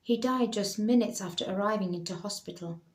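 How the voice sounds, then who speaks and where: A man's voice: high-pitched, fairly quick. Courteous male paramedic, formal, voiced by a woman reader, in an echoing room. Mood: apologetic. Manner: polite, apologetic. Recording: roomy echo.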